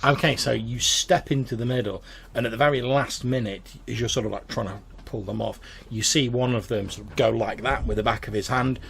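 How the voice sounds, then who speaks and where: A man's voice: mid-range voice, a little fast, vocal fry, a bit bright, a little hiss or hum. A man narrating a tabletop game as game master, in a casual, rambling way. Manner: casual, rambling, filler-heavy.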